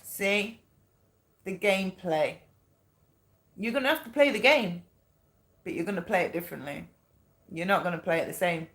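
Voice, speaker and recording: A woman's voice: fairly low pitch, normal speed, long pauses, fairly bright tone. A woman giving a casual spoken tarot reading, chatty and blunt, repeating her points and swearing now and then. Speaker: tarot reader. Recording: echoey room.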